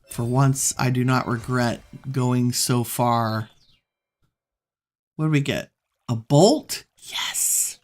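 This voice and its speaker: A woman giving relaxed gameplay commentary, musing to herself as she plays. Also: rumbling low, vocal fry. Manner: musing, talks to herself while playing. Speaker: gameplay streamer.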